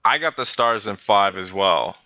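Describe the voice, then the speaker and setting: Crisp bright man steering podcast talk. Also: fairly low pitch, expressive, moderate pace, no room sound. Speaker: podcast co-host. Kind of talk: casual sports chat. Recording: dry close lo-fi audio.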